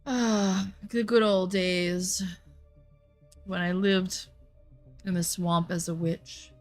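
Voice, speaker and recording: A woman's voice: lowish voice, level tone, slow pace, faint music behind. A woman chatting casually and profanely while streaming a game, full of rambling asides. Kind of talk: casual gameplay commentary.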